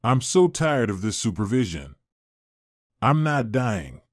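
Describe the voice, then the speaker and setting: Storybook older mother, gentle and sly, read by a man in a dry, mid-pitched voice. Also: very animated, slow pace, no room sound. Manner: soft, hopeful.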